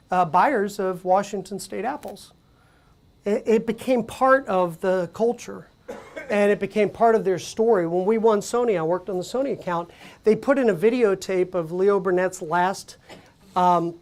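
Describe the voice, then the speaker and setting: A woman presenting at a conference, speaking conversationally with animated storytelling and frequent fillers. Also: mid-range voice. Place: conference venue.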